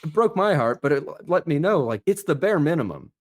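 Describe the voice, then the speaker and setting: A man who coaches accents, chatting as a podcast guest and telling lively, animated stories. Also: a little high, fairly quick. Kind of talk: casual podcast chat.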